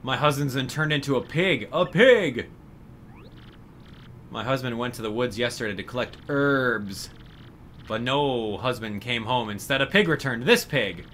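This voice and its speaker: A worried village mother from a video game asks a stranger for help, read aloud by a man. The voice is bright and lively, swinging widely in pitch. The lines come out plainly, with little put-on flair. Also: a little slow, slight background noise.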